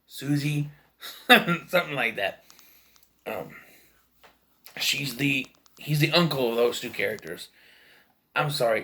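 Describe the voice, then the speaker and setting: A man's voice: on the high side, pushed and bright. A man casually reviewing movies, rambling and hesitant, often correcting himself.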